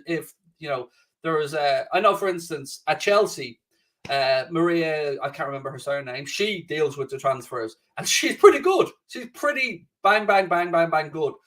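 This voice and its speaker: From his home studio, a man hosts a casual live stream in a fairly high, fairly bright voice, picked up by a distant mic. He chats loosely, swears freely, and reads out viewer comments.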